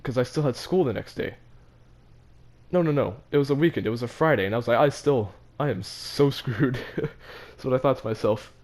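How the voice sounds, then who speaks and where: A man's voice: medium pitch, fairly quick, darkish tone. A teenage boy casually telling a story from his own life, laughing between phrases and stumbling over his words. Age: teens. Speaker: vlogger.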